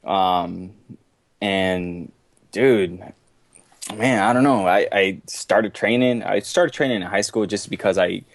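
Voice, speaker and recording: A man's voice: low voice, slow pace, dry recording. A man in his twenties from Boston, guesting on a podcast, laid-back and rambling. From Boston, USA. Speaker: guest athlete. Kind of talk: casual podcast chat.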